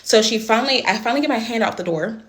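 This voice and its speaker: A young woman telling a personal story in a casual storytime vlog, blunt and swearing often, speeding up and getting animated when upset. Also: on the high side, fast.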